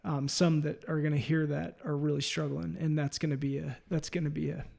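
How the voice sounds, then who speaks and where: A man hosting a faith-focused conversation, his voice a touch high and noticeably gravelly. He talks earnestly and from the heart, often stopping and restarting his sentences as he feels his way through a thought. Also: little pitch movement, fairly quick, darkish tone. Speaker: podcast host. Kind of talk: faith-based interview conversation.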